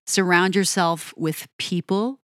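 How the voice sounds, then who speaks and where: A woman's voice: fairly low pitch, fairly even intonation, dry recording, studio quality. An emotional woman speaking earnestly to her viewers, encouraging them to take care of themselves. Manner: earnest and emotional, speeding up and slowing down. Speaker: music video creator. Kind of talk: heartfelt direct-to-camera talk.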